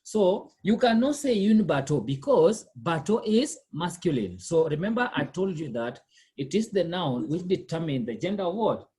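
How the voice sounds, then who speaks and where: A man's voice: on the high side, big pitch swings, normal speed, warm tone, breathy edge. A man tutoring French one-on-one, patiently repeating words and checking for understanding. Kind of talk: one-on-one language lesson.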